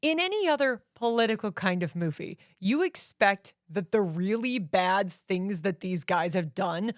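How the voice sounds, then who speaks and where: A woman co-hosting a podcast, talking through a movie in casual chat and acting out scenes in quick bursts. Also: mid-range voice, animated, dry recording, studio quality. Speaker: podcast co-host.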